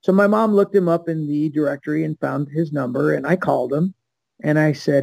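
A man's voice: a little high, fairly quick, creaky, darkish tone, no room sound, rough recording. An older man from Los Angeles, a podcast guest telling a long story and acting out the people in it. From Los Angeles, USA. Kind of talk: storytelling anecdote.

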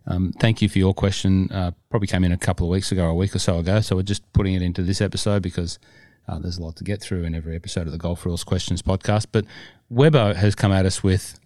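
A man's voice: deep voice, steady tone, fast talker, mellow, dry recording. A man co-hosting a podcast in a chatty, rambling, jokey way. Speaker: podcast co-host. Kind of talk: casual chat.

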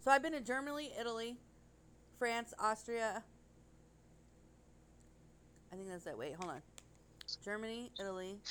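A woman's voice: on the high side, normal speed, long pauses, clear, resonant tone. A woman co-hosting a casual podcast chat, rambling and gushing, with casual swearing. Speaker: podcast co-host.

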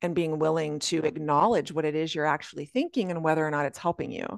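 A woman guest coach talking earnestly on a podcast, often jumping into a high voice when she quotes her own thoughts. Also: quick pace, creaky, dry recording, clean studio sound. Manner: earnest, animated, often slipping into high quoted self-talk. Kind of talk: reflective podcast conversation.

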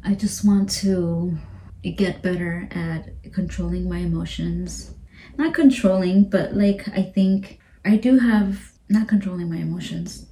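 A single mother in her thirties hosting a podcast, speaking emotionally in a halting, repetitive way, swearing and often dropping to a whisper. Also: lowish voice, dark tone, a little hiss or hum. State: emotional, near tears. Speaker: podcast host. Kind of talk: emotional personal podcast monologue.

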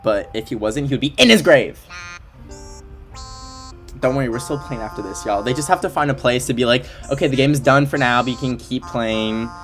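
A man livestreaming a game in casual chat, excitable and emotional, gushing over what he sees, at his desk at home. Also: mid-range voice, fairly quick. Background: faint game music.

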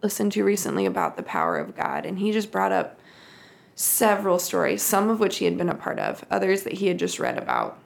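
A woman's voice: fairly low pitch, wildly swooping pitch, brisk, creaky. A woman co-hosting a casual faith podcast. She tells a story reflectively and acts out the quoted voices. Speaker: podcast co-host.

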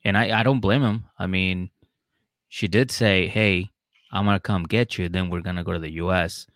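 A man's voice: deep voice, steady tone, moderate pace, fairly bright tone, no room sound, clean studio sound. A man co-hosting a casual podcast, laid-back, giving short reactions and laughing often. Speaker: podcast co-host. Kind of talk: casual chat.

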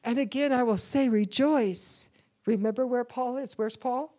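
A woman's voice: on the high side, a little slow, dark tone. A woman preaching a sermon in church, calling on the congregation to answer back. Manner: call-and-response preaching to a congregation.

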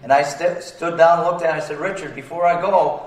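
A pastor preaches plainly and colloquially, calling for amens from the congregation in call-and-response fashion. His voice is a little high for a man, his intonation fairly even, and his pace fairly quick. He sounds set back from the mic, surrounded by roomy echo.

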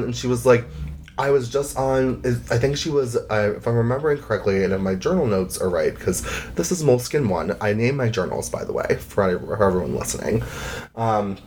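A man's voice: lowish voice, moderate pace. A man in his twenties hosting a podcast, telling a travel story in a rambling, chatty way full of "like" fillers. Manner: chatty, rambling, heavy use of "like". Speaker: podcast host. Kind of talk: casual storytelling.

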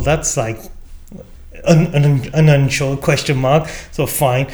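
A man's voice: mid-range voice, unhurried, a little mellow. A middle-aged man telling a story as an interview guest, acting out the quoted lines with many fillers. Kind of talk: casual storytelling.

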